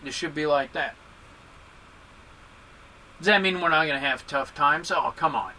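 High, bright, animated Buddhist teacher. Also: male voice, moderate pace, slight background noise, poor audio. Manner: animated, joking, emphatic with swings in pitch. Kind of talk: dharma talk.

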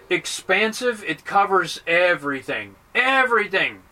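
A man's voice: high-pitched, very animated, a little slow, bright, forceful tone, far from the mic, low-quality recording. A man giving a playful dharma talk as a Buddhist teacher, acting out little dialogues to make his points.

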